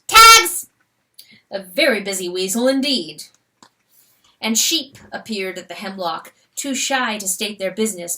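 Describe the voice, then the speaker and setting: Bright, expressive woman narrator. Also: mid-range voice, far from the mic. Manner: expressive, rhythmic reading. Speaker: audiobook narrator. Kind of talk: dramatic storybook narration.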